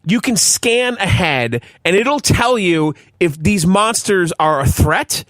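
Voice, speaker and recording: A podcast host, a man, riffs in a lively, swinging voice that sits a bit high. He swears freely and talks with a lot of animation. The sound is close and dry. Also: slow, dry recording. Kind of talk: casual chat.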